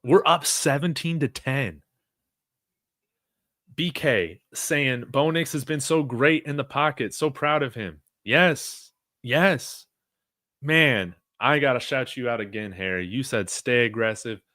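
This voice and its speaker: A man giving live play-by-play reactions as a fan, reading chat comments aloud and shouting on big plays. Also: mid-range voice, takes it slowly, no echo, studio quality. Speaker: fan watch-along commentator.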